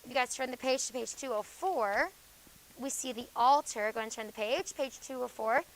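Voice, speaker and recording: A woman teaching a high school class, her voice sitting a bit high. She walks through the material with plenty of ums and keeps checking in with a quick "okay?". Every so often she turns firm and tells students off. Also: a little hiss or hum, rough recording. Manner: explains with frequent "okay?" checks and fillers, stern asides to students. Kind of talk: classroom lecture.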